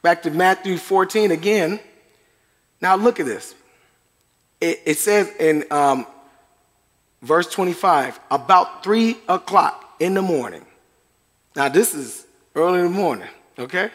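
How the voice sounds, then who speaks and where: A man's voice: sits high, animated, a little slow, long pauses, a bit bright. A middle-aged man preaching a sermon to a congregation, chatty and conversational, with chuckles and asides. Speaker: pastor. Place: church sanctuary. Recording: long hall reverb.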